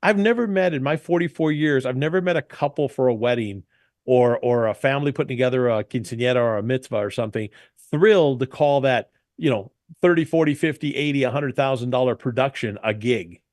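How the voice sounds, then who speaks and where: A brisk, medium-pitched man, heard in echo-free studio quality, is a guest interviewee who owns a DJ entertainment company. Chatting and handing out business tips, he narrates with animated emphasis and plays out the quotes.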